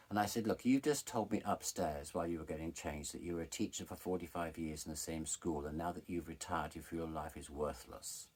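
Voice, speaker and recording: A man's voice: low-pitched, a little mellow, breathy edge. A middle-aged man frankly telling a personal story, retelling scenes with animation.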